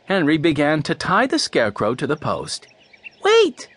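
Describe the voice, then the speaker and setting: A man narrating a children's mystery audiobook in a clear, storytelling voice. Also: on the high side, very animated, moderate pace, fairly bright tone.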